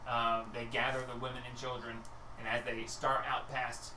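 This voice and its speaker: A game master narrating a tabletop game with halting, restarting phrasing. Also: medium pitch. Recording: roomy, distant mic, steady background noise.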